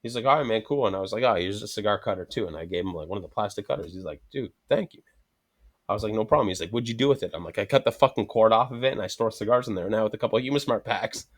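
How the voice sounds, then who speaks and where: A man's voice: fairly low pitch, very fast. A man telling rambling, profane anecdotes in casual chat, acting out both sides of each conversation.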